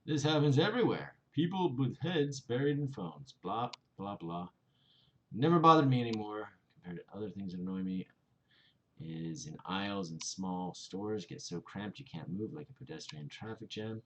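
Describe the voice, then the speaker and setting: A man's voice: fairly low pitch, very animated, moderate pace. A man in a casual vlog, reading viewer comments aloud and rambling through his replies with many fillers. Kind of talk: casual chat.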